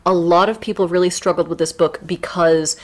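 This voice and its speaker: A woman co-hosting a book podcast, talking in a brisk, blunt, joking way. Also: lowish voice, fairly even intonation. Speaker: podcast co-host. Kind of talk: casual book podcast chat.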